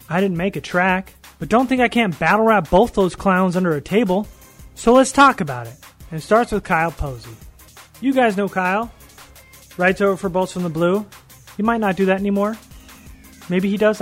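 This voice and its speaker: A man hosting a podcast, delivering a trash-talking comedic roast with mock indignation. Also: high voice. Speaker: podcast host.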